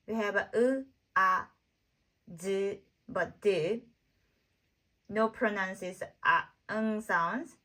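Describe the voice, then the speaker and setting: A woman teaching pronunciation step by step, repeating single sounds slowly in simple English with small grammar slips. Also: mid-range voice, bright, forceful tone, low-quality recording. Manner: slow, deliberate, repeats single sounds for learners. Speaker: Korean language teacher. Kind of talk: slow step-by-step pronunciation lesson.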